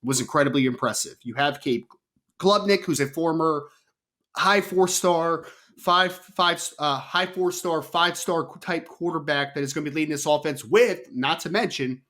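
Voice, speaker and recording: A man's voice: a little high, normal speed, bright, forceful tone. A man co-hosting a sports podcast, making confident calls in casual debate and correcting himself mid-sentence. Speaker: podcast co-host.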